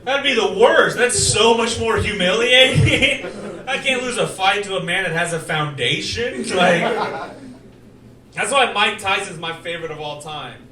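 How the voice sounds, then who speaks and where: A man performing a stand-up comedy set, animated, with loud acted outbursts. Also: high voice, unhurried, a crowd in the background. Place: comedy stage in a poker room. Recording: roomy live club sound from far off. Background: audience laughter.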